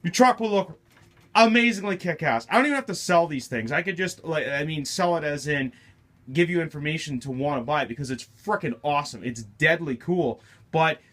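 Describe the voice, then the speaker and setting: A middle-aged man with a voice pitched a bit high for a man talks loosely to his viewers, wandering off on tangents and cracking jokes as he shows off shop stock. His delivery is chatty and unscripted, like a hobby shop owner's morning monologue. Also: expressive, a little fast, fairly bright tone. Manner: rambling and joking. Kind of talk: casual vlog monologue.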